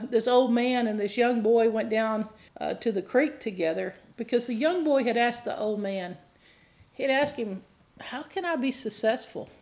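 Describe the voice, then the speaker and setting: Middle-aged female minister, somewhat high-pitched, earnest sermon delivery that builds to fervent appeals. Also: a little mellow. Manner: earnest, rises to impassioned pleading. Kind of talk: teaching sermon.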